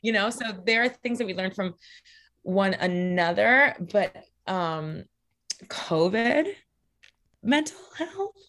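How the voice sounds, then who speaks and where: A woman's voice: mid-range voice, animated, slow pace, a bit bright. A young adult woman telling personal stories in casual talk, candid and full of "like" fillers and swearing, acting out quoted lines.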